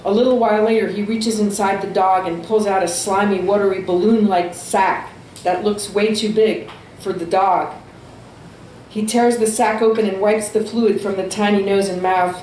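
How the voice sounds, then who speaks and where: A woman reading her own fiction aloud at a small venue, with steady, expressive storytelling. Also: medium pitch, moderate pace, roomy sound, slight background noise, rough recording. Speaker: author.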